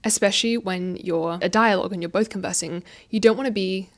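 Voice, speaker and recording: A young woman hosting her own podcast at home, talking fast and expressively with frequent laughs and a slight stutter now and then. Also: medium pitch. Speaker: podcast host. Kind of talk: casual advice monologue. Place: home, indoors. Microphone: facing own camera.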